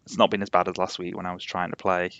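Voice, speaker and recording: A man's voice: low-pitched, monotone, quick pace, fairly bright tone, no echo, muffled recording. A young man with a slightly posh Yorkshire accent, chatting rambly on a game live stream and laughing often. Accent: Yorkshire, somewhat posh. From England, Yorkshire. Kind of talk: casual live-stream chat.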